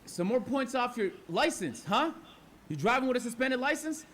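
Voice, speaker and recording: A man's voice: very high voice, expressive, normal speed, a bit bright, pitched above the performer's own voice. A young man imitating a condescending male police officer during a traffic stop, curt and scolding. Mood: stern.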